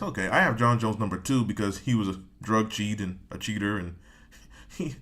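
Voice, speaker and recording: A man's voice: mid-range voice, fairly bright tone. A man hosting a reaction video, reading a sports article aloud with rambling, joking asides and frequent laughs.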